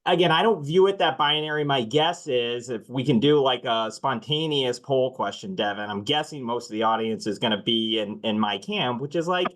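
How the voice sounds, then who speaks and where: A male finance chief on a webinar panel lays out his view plainly and calmly, with occasional "um"s and a dry sense of humor. His voice sits at a middle pitch for a man. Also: poor audio. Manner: measured, candid, dry humor, filler ums.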